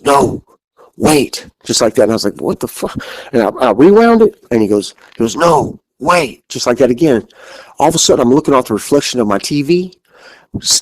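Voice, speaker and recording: A man's voice: mid-range voice, a little mellow, no room sound, poor audio. A man telling a haunting story as a podcast guest, rambling, repeating himself and swearing freely. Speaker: interview guest.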